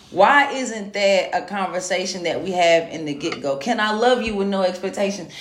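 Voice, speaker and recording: A podcast host delivers a casual, swear-heavy monologue, speaking frankly and with animation. She checks in with listeners constantly, repeating "you know what I'm saying." Her voice is fairly high and sounds reverberant.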